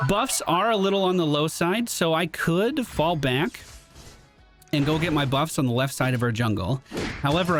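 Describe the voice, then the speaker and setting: A tired man giving explanatory play-by-play commentary over a video game match. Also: on the high side. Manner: explanatory, animated, strategic play-by-play. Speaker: gaming commentator. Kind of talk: gameplay commentary. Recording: clear background music.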